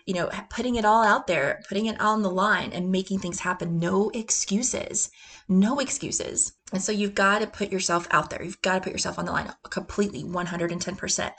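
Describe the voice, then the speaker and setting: A woman hosting a motivational podcast, talking with energy and laughing often, sometimes dropping into gruff chanted quotes. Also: mid-range voice, a bit bright. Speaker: podcast host.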